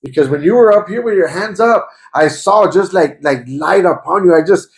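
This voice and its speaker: A man, a guest in a conversation, shares his conversion testimony, stammering and repeating himself, with Spanish words slipping in. His voice is high and his pace moderate, and he turns loud and fervent as he relives praying.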